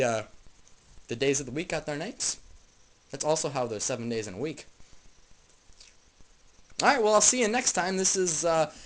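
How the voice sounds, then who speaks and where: A young man improvises a silly comic rant, rambling and jumping between low mutters and sudden yells. His voice sits a bit high, with a bright, sharp tone. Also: slight background noise, poor audio. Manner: rambling, jokey, swings between mumbling and yelling. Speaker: vlogger.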